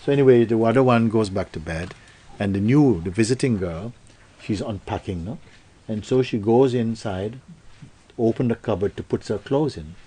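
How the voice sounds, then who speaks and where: A man's voice: fairly low pitch, moderate pace, mellow, husky. A man giving a spiritual satsang talk, telling a story playfully and acting out quoted voices, with loose spoken grammar. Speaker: spiritual teacher.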